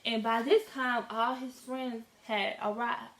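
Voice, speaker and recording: Teen girl, casual storytime, slangy, animated, voice sits a bit high, echoey room. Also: unhurried. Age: teens. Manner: animated, slangy, acts out quoted dialogue. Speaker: vlogger.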